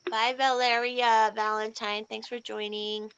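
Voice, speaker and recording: A woman's voice: on the high side, flat delivery, a little slow, fairly bright tone, clean tone, poor audio. A woman hosting a live stream, chatting casually in a blunt, teasing way. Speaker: stream host. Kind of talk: casual chat.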